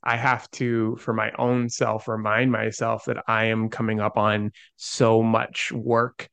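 A man's voice: fairly low pitch, flat delivery, takes it slowly, vocal fry, fairly bright tone, clear, resonant tone, dry recording. A young adult man, an interview guest, telling a story earnestly with lots of "like" fillers. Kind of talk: conversational storytelling.

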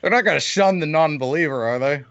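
A man's voice: on the high side, fast, fairly bright tone, clean tone, no echo. A man in a casual gaming chat, venting and rambling with restarts. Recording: dull lo-fi dry mic.

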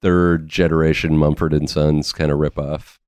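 A man's voice: very deep voice, little pitch movement, moderate pace, a little mellow, smooth, dry recording, clean studio sound. A man appearing as a podcast guest, chatting casually and asking playful, curious questions. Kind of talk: casual chat.

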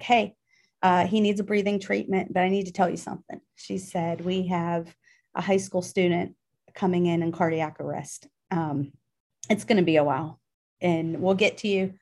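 A woman's voice: lowish voice, darkish tone. Earnest middle-aged woman telling a story. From Pittsburgh, Pennsylvania. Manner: earnest, emotional, with many fillers and restarts. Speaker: interview guest. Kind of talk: personal storytelling in an interview.

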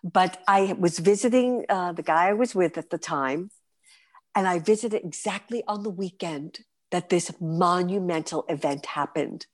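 A New York City woman in her fifties, with a New York accent, appears as a guest performer on a podcast and tells vivid, animated stories. Her voice is on the low side and her speed is normal.

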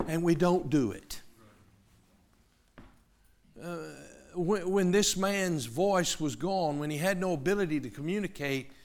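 A middle-aged male pastor preaching a sermon, emphatic, moving between loud urgency and hushed lines. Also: on the high side.

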